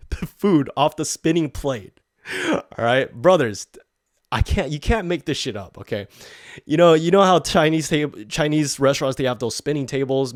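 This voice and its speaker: A man's voice: medium pitch, dry recording, clean studio sound. A man hosting a podcast, telling a story in a blunt, profane, heated rant. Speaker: podcast host. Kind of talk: ranting storytelling.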